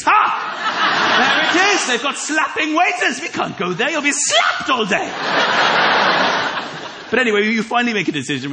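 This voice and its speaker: A man hosting a comedy show, doing a stand-up routine with animated delivery, acting out voices and shouting punchlines. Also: high-pitched. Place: large theatre with live audience. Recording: loud crowd laughter and noise.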